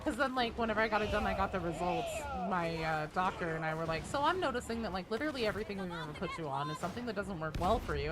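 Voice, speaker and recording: A woman streaming a game live and chatting with her viewers, talking in a loose, animated way, filling with "like" and blurting out swears. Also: mid-range voice, rapid-fire, few pauses, crowd noise. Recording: steady background noise.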